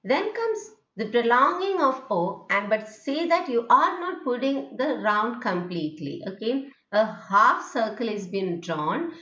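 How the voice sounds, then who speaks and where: Slow-paced Indian English woman teaching. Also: on the high side, very animated, bright, forceful tone, reverberant, lo-fi sound. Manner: slow, drawn-out modelling of vowel sounds with frequent "okay?". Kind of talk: lecture on English phonetics.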